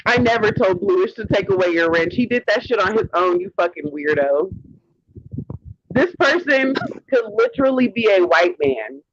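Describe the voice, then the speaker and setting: A man's voice: high-pitched, lively intonation, normal speed, noisy background. A man hosting a livestream, delivering a heated rant in a sassy, profane way and calling people honey. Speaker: livestream host. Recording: dull lo-fi stream audio.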